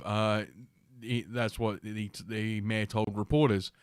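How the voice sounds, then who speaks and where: A man hosting a podcast, reading news aloud with sarcastic asides, halting and full of filler sounds. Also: lowish voice, flat delivery, smooth, dry recording, studio quality. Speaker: podcast host.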